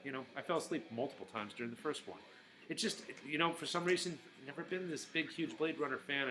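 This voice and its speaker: A man's voice: mid-range voice, sharp tone, slight background noise, poor audio. A man talking casually in a rambling vlog, with lots of fillers and restarts. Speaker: vlogger.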